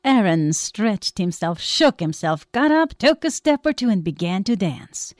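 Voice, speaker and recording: A woman storyteller tells a spooky folktale, her pitch rising and falling freely through the telling. The sound is dry and close, with no room echo. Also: a little mellow. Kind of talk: told folktale.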